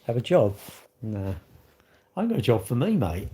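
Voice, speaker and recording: A man's voice: medium pitch, big pitch swings, moderate pace, heavy background noise. Rambling, blunt man chatting live. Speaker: live-stream host. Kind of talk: casual live-stream chat, reading viewer comments.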